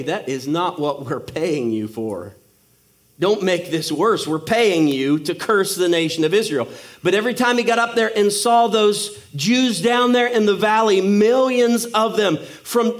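A male preacher giving a sermon, telling a story with humor and acting out the characters. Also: high voice.

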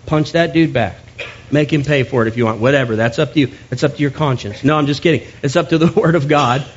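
A man's voice: medium pitch, fast, dull audio, a little hiss or hum. A man preaching a sermon to his church, talking in a conversational way with joking asides. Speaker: pastor.

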